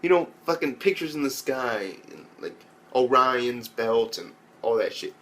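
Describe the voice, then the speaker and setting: A man's voice: medium pitch, big pitch swings, measured pace, a bit bright, a little hiss or hum. A young man giving a loose, rambling spoken recap as an anime reviewer, swearing often and mimicking characters in raised voices. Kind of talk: casual profane recap.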